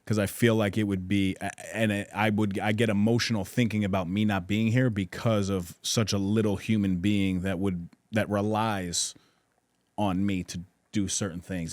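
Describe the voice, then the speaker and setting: A man's voice: on the low side, darkish tone, no room sound. A man in casual podcast conversation, talking in an earnest, reflective way with frequent restarts and self-corrections.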